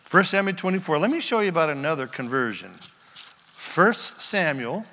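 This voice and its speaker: A man preaching a sermon as pastor, retelling scripture scenes with lively acted-out voices. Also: fairly high pitch, normal speed, in a large hall.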